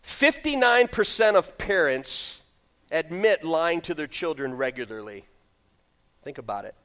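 A man preaching a sermon in a church. He reads scripture loudly and then drops into quiet, joking asides as he tells stories. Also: on the high side, measured pace. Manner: animated storytelling, swings from loud scripture reading to quiet asides. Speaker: pastor. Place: church sanctuary.

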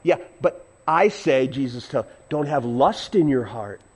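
A man preaching a sermon as pastor, animated and acting out voices, with sudden loud whoops. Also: medium pitch, unhurried.

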